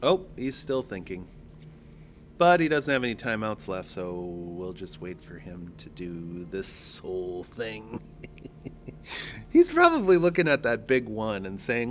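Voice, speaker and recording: Streamer, male, low voice that swings up and down a lot, jokey play-by-play, faint room hum. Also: sing-song, slow. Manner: joking, thinking aloud. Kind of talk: casual card-game livestream commentary.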